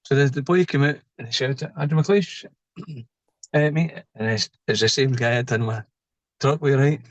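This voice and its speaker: A man's voice: medium pitch, normal speed, no room sound, lo-fi sound. A middle-aged man with a Scottish accent, a lorry driver telling a story in casual chat, acting out the people in it. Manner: animated anecdote-telling, voicing people in his story.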